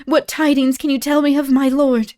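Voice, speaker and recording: A woman's voice: sits high, level tone, moderate pace, dark tone, pitched above the performer's own voice, lightly acted. A woman reading aloud as a gracious, earnest young noblewoman, lifted and careful.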